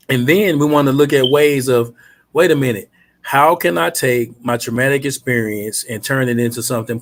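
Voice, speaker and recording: Man, mid-range voice, podcast guest, earnest steady storyteller. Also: medium pitch. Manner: earnest, steady recounting of a painful memory. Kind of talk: personal storytelling.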